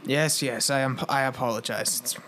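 A young man in casual play, narrating a tabletop game as game master, animated and laughing often. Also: medium pitch, moderate pace, slight background noise.

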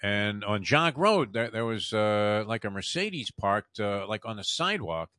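A man's voice: fairly low pitch, expressive, unhurried, sharp tone, dry recording. A man hosting a sports talk show, telling rambling, wry anecdotes with lots of fillers. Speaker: show host.

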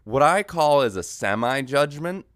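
A man hosting a solo podcast, rambling through a comedic monologue, losing his train of thought and jumping into yelled mock voices. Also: medium pitch, expressive, unhurried, no echo, clean studio sound. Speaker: podcast host.

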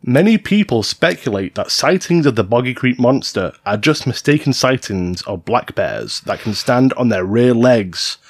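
A man's voice: mid-range voice, lively intonation, normal speed, hardly any pauses, breathy edge, no room sound, studio quality. A man co-hosting a podcast, reading out stories in a casual, jokey way and swearing freely. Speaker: podcast co-host narrating stories.

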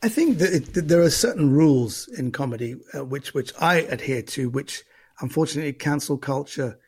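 Gravelly husky guy, comedian chatting in an interview, keeps restarting his sentences. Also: a little high, expressive, a little fast. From Central London. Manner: thoughtful, repeats words while gathering thoughts. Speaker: stand-up comedian guest. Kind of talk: casual interview chat.

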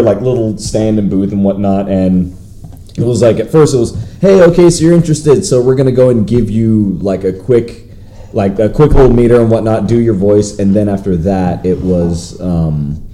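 A man co-hosting a casual podcast, telling a story with lively quoted voices. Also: normal speed. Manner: animated storytelling, acts out quotes in high voices. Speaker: podcast co-host. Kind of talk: casual chat.

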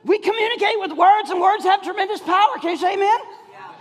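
A middle-aged man preaching a sermon, telling a story in an animated way, often laughing and shouting. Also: very high voice, fast. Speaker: pastor. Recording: long hall reverb.

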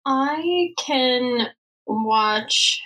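Young woman rambling on a podcast, slow easy pace, swears a lot, laughs a bunch. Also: high-pitched, animated, bright, forceful tone, slight background noise, low-quality recording. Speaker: podcast co-host. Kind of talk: casual chat.

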